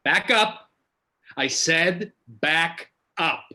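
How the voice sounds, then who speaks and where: A woman's voice: low-pitched, animated, very slow, bright, forceful tone, echoey room, full character voice. A woman voicing a male police officer in a play reading, speaking with menace and command. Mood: threatening.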